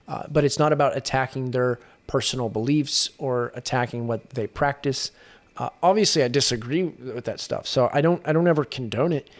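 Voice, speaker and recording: A man's voice: mid-range voice, normal speed. A young adult man, a guest on a podcast, speaking earnestly in casual conversation and often restarting his sentences. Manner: earnest storytelling with frequent restarts. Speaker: guest, exorcist.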